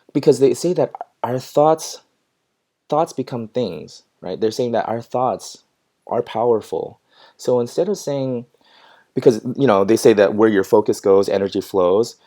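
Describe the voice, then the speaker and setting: A pet groomer vlogs casually about his business, reading viewer comments and replying in a reflective, encouraging way. His voice is medium-pitched, and he uses frequent ums and soft laughs.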